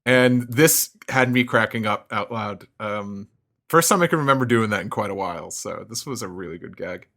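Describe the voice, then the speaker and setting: A man co-hosting a podcast, recapping a comic in a casual, halting way, often chuckling. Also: on the low side, expressive, bright, forceful tone. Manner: chuckling, halting, lots of fillers. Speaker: podcast co-host.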